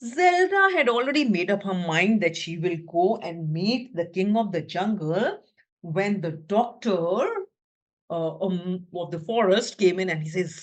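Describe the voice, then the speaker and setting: Animated woman teacher, slow-paced. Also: lowish voice. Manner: expressive, animated storyteller. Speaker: teacher and webinar presenter. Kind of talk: storytelling webinar talk. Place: her own room at home.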